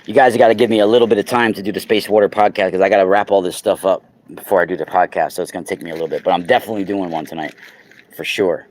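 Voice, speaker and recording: A man chatting casually on a livestream, exclaiming loudly and talking straight to his viewers while selling crystals. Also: low voice, steady tone, rapid-fire. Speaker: crystal seller and podcaster. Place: indoors at home.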